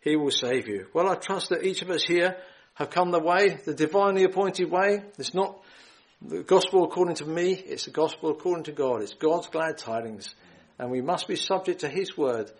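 Earnest male preacher, slightly high voice. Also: moderate pace, low-quality recording. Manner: earnest, pleading, quotes scripture in old phrasing; often clears throat, repeats and restarts phrases. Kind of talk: gospel sermon.

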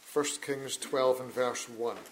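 A man with an ordinary mid-range voice reads scripture aloud at a church meeting. His delivery is steady and measured. He breaks off now and then for short plain asides to the listeners. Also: mid-range voice, low-quality recording. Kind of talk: Bible reading at a church meeting.

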